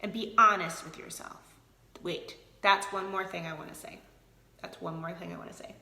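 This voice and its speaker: A woman's voice: lowish voice, fairly even intonation, moderate pace, gravelly, bright, forceful tone, roomy sound. A woman leading a sales team, chatting casually and energetically in a motivational live video, answering viewers by name. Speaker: team leader of a direct sales group.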